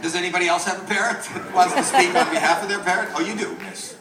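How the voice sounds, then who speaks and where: A man's voice: high voice, fast talker, background noise. A man doing stand-up crowd work, teasing and riffing with people in the audience, recorded live in a comedy club. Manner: teasing, riffs with audience members. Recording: roomy live club from far off. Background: loud crowd laughter.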